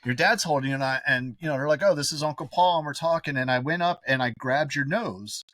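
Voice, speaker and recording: Bright-voiced middle-aged man telling stories. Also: on the high side, fast talker, no echo. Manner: animated storyteller, swears freely. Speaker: podcast co-host. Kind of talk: casual chat.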